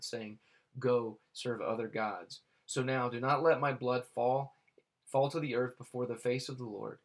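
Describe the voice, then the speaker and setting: A man reading Bible verses aloud and explaining them in a halting way, with many fillers and restarts. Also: mid-range voice, vocal fry. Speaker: Bible teacher.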